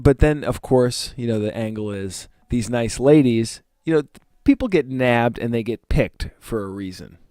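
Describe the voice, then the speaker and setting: A man's voice: medium pitch, mellow, dry recording, studio quality. A man hosting his own video, talking in a meandering, musing way with the odd blunt curse. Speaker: vlog host. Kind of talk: casual rambling monologue.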